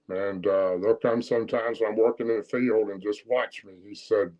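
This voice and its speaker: A man's voice: fairly low pitch, steady tone, normal speed, few pauses, warm tone, lo-fi sound. A man with a Southern US accent telling a personal encounter story in a plain-spoken, rambling, folksy way. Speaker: guest storyteller.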